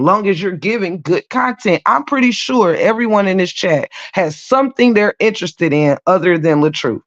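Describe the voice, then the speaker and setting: A woman's voice: medium pitch, lo-fi sound. Blunt, profane woman ranting on a stream. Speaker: livestream host. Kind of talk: casual live-stream rant.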